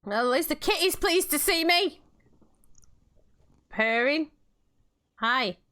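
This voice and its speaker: A woman's voice: sits high, lively intonation, slow, pushed and bright. A woman chatting casually while playing a game, telling stories and laughing often. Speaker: game streamer. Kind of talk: casual gameplay chat.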